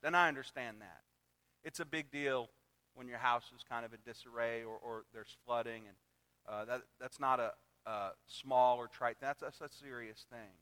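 Animated preacher in a reverberant hall. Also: male voice, fairly high pitch. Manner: animated preaching with sudden loud emphatic repeats. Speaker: pastor. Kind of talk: sermon.

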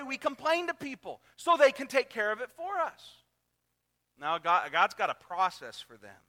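A man preaching a sermon as pastor, animated, swinging into loud emphatic repeats and dropping to quiet asides. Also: high-pitched, long reverb tail.

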